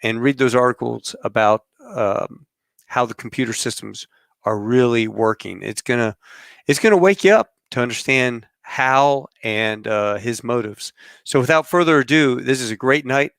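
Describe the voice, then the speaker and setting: Guy hosting his podcast, smooth clear voice, dry close sound, rambles with lots of ums. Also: mid-range voice, moderate pace, no room sound. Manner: relaxed, rambling with fillers and aviation slang. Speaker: podcast host. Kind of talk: casual podcast chat.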